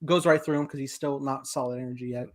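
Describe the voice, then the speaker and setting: A man hosting a casual movie review chat, talking excitedly and laughing often. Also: medium pitch, fast. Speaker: podcast host.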